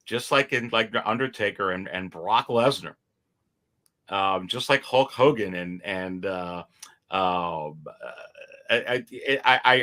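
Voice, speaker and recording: A man with a fairly low but bright, forceful voice talks on a livestream. He gets animated, repeats his words and laughs easily. He is heard over a video call. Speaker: guest toy collector. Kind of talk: casual chat on a livestream.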